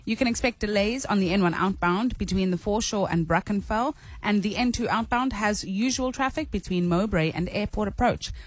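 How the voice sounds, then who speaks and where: A woman's voice: medium pitch, fairly quick, hardly any pauses, dry recording. Woman reading radio traffic. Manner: clear, steady, informative. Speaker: traffic presenter. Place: radio studio.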